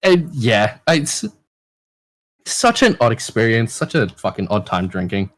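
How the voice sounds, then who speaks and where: A man with an Australian accent, a podcast guest telling a crude story in a casual, lively way and swearing often. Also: fairly low pitch, unhurried.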